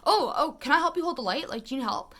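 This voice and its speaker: A woman briefly puts on an eager male stranger who won't take no for an answer. The voice is bright and lifted, quick and insistent, like an overly helpful passer-by in a retold story. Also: high-pitched, lively intonation, slight background noise, pitched above the performer's own voice. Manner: eager, insistent offer of help.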